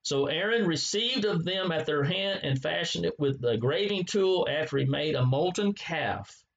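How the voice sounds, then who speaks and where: A man preaching a Bible sermon, halting often with fillers and repeated words as he reads and explains scripture. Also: on the high side, expressive, creaky, lo-fi sound.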